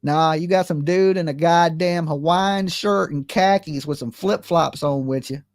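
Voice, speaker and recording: A man's voice: a little high, a little slow, no echo. A man giving casual, profane commentary, telling stories with lots of asides and rhetorical questions. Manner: animated, profane storytelling with many asides. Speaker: commentary streamer.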